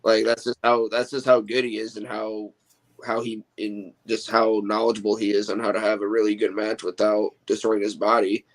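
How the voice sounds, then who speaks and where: A man who wrestles, talking casually and excitedly about his favorite matches as a guest on a stream. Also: on the low side, moderate pace, poor audio. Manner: rambling, excitable fan talk. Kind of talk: casual podcast chat. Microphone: remote call mic.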